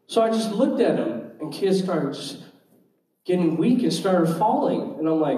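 Male minister, high voice, lively story-teller doing the voices, echoey room, distant mic. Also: measured pace. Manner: animated, acts out quoted voices. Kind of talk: storytelling testimony.

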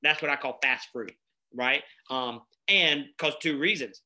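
A man, telling stories in a casual, energetic conversation as a guest, with many fillers. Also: medium pitch, measured pace. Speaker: nonprofit founder and guest.

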